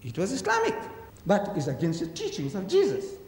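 A man lectures with a lively, swooping delivery and a fairly high voice. He drives his points home with rhetorical questions and acts out voices in his anecdotes. The sound is echoey with a long hall reverb. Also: fairly quick, a little hiss or hum. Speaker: religious lecturer. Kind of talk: public lecture on religion.

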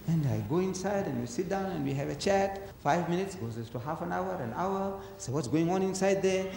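A man's voice: fairly high pitch, warm tone, slight background noise. A man giving a public lecture on religion, emphatic and full of rhetorical questions, acting out the voices in his stories. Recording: echoey hall reverb.

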